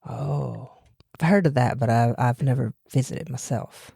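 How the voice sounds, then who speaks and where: Woman putting on a slow Southern kobold. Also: rumbling low, creaky, dark tone, breathy edge, no echo, clean studio sound, pitched below the performer's own voice, exaggerated voice. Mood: curious. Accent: Southern US, put on. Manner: slow, polite, hesitant. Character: cautious polite male kobold traveler.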